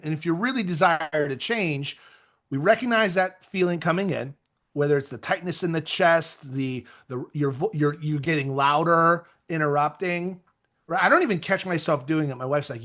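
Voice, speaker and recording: Energetic man giving a motivational talk. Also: a little high. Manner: energetic, conversational, with self-deprecating asides. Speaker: real estate coach.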